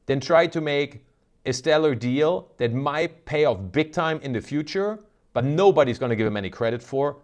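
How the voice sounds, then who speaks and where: Man, stock market commentary, lively pitch, emphatic, rhetorical questions. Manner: animated, emphatic, rhetorical questions with frequent "right?". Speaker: investment video host. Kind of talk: casual market commentary to camera.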